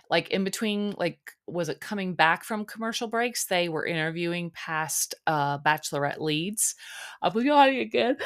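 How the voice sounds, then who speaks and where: A woman's voice: lowish voice, fairly bright tone, smooth. A middle-aged woman hosting a podcast, chatting casually and rambling with lots of fillers, a bit sleepy. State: sleepy, yawning. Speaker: podcast host recapping a reality show. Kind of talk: casual solo chat.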